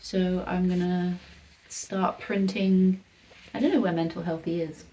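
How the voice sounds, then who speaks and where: A woman's voice: lowish voice, little pitch movement, unhurried, poor audio. A woman in casual vlog chat, rambling as she gives a tour of her home. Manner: chatty and rambling, soft asides to herself. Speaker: artist vlogger.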